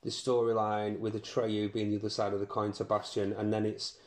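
A man's voice: lowish voice, completely flat delivery, fairly quick, roomy sound. A man co-hosting a podcast, chatting casually about films, swearing and saying "mate" often. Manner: says "mate" a lot, swears. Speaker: podcast co-host. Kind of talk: casual film chat.

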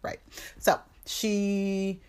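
A woman's voice: mid-range voice, monotone, extremely slow, darkish tone, clear, resonant tone. A woman hosting a podcast, recapping a movie in a casual, profane, slangy way. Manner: profane, slangy storytelling with quoted voices. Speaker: podcast host.

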